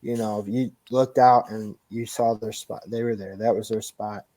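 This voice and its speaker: A man's voice: fairly low pitch, fairly even intonation, normal speed, mellow, poor audio. A man as a podcast guest, talking reflectively and rambling with many fillers. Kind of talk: casual podcast chat.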